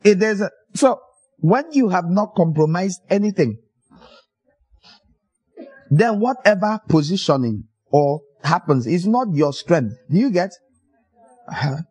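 A man preaching a sermon, telling stories in an animated way and acting out the people in them. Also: high-pitched, measured pace, long pauses, breathy edge, no room sound, low-quality recording. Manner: animated storytelling, acts out voices with laughter.

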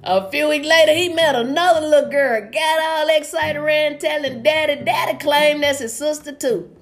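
A woman's voice: sits high, moderate pace, soft background music. A woman doing stand-up over a video call, telling folksy jokes and acting out each character's lines. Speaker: stand-up comedian. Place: home, virtual comedy show.

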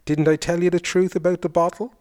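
A man's voice: high voice, little pitch movement, brisk, a little mellow, voice pushed up, lightly acted. A man voicing a sly little magical man in a folktale, with a teasing, lilting delivery.

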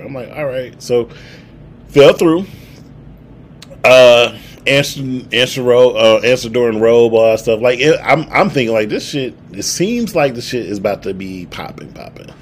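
A young man in his twenties, co-hosting a podcast, tells a story in loose, profane banter and acts out what people said with lots of energy. His voice is medium-pitched and unhurried, with a faint hiss or hum in the background.

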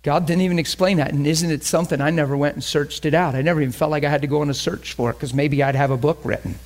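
Brief: male preacher, slightly raised pitch, emphatic, conversational teaching. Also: fairly even intonation, quick pace. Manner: emphatic, conversational, repeats phrases. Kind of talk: sermon teaching.

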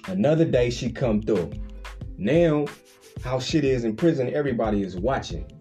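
A man, casually telling a story on a podcast. His voice is warm and mellow, and he keeps slipping into high, playful impressions of other people. Faint music plays underneath. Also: normal speed. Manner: animated storyteller, acts out quoted voices with big pitch jumps, laughs often, slangy.

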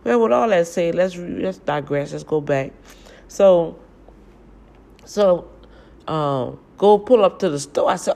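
A middle-aged woman, chatting casually in a storytelling vlog from a home kitchen, animated and laughing at herself. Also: on the low side, measured pace, creaky, long pauses. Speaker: vlogger.

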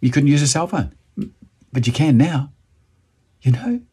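Husky, lively New Zealand man motivating. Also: on the high side, unhurried. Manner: enthusiastic, banters with himself in an imagined dialogue. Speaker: motivational video host. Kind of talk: motivational monologue to camera.

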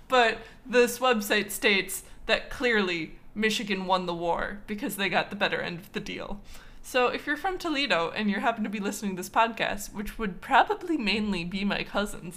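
A woman from Wisconsin hosts a casual history podcast, talking in a loose, chatty way full of fillers. Her voice is bright and edged, and she sounds playfully indignant throughout. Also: mid-range voice. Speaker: podcast host.

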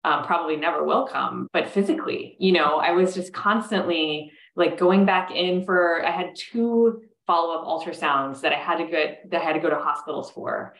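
A low-pitched woman in her thirties speaks candidly as a podcast guest. She is reflective and often stops to restart her sentences. Her voice carries the echo of a reverberant room. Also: moderate pace, few pauses, fairly bright tone. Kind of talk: candid conversation.

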